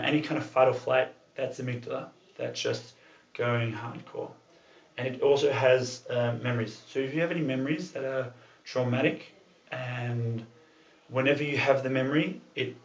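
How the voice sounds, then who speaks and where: A man giving a casual, loose talk to a small group, using many fillers and the odd swear. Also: mid-range voice. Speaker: club talk presenter. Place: room with a group of listeners. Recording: echoey room, far from the mic, dull sound.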